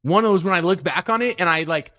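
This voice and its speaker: A man's voice: high-pitched, fast talker, pushed and bright. A man in his twenties hosting a gaming podcast, telling stories in a rambling way with frequent restarts. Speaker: podcast host. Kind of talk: casual chat.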